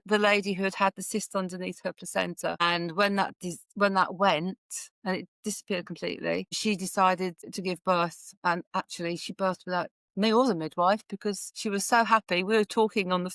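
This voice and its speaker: A woman's voice: mid-range voice, fairly bright tone, no room sound. A woman, a doula, telling birth stories in a podcast interview with passion and frequent restarts.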